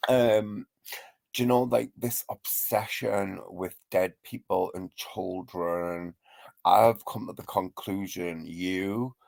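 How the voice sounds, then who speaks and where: A man's voice: deep voice, fairly even intonation, slow pace, gravelly, darkish tone, no echo. A man hosting a live stream, ranting and trading insults in a mocking gossip style, laughing often.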